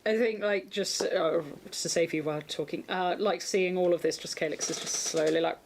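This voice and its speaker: A woman's voice: on the low side, fairly even intonation, normal speed, a little hiss or hum. A woman playing in a tabletop game, talking hesitantly with many fillers. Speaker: player. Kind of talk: casual tabletop play.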